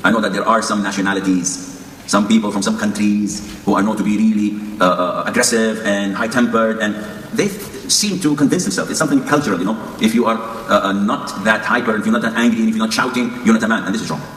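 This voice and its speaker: A man's voice: lowish voice, fast talker, fairly bright tone, slight background noise. A man preaching a sermon, giving earnest advice mixed with wry jokes. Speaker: Islamic preacher. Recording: echoey hall.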